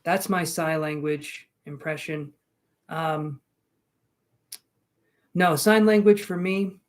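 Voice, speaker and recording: A man hosts a live tarot reading in a relaxed, chatty way. His voice sits a little high for a man. He calls out viewers' names and jokes between draws. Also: slow. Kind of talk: casual live-stream chat.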